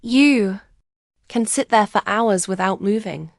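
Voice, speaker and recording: Narrator doing a bold, free-spirited painter in her fifties, direct and encouraging, middle pitch, dry close sound. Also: slow pace, creaky, no echo. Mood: enthusiastic.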